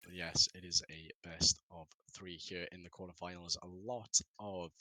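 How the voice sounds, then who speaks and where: A man's voice: deep voice, fairly even intonation, normal speed, bright, forceful tone, no echo, rough recording. A man casting a live esports stream, rambling and laughing at himself. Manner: rambling, self-mocking, laughs often. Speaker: esports caster.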